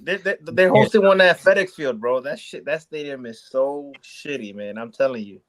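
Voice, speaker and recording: A man's voice: on the high side, normal speed, fairly bright tone. A man on a casual soccer fan podcast, teasing the others and making his points emphatically. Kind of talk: casual chat.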